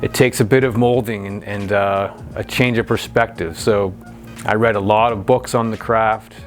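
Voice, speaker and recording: A man's voice: fairly low pitch, fairly even intonation, moderate pace, soft background music. A man in his forties, an author who talks thoughtfully about his writing and then reads from his own novel. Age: 40s. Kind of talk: author talk and book reading.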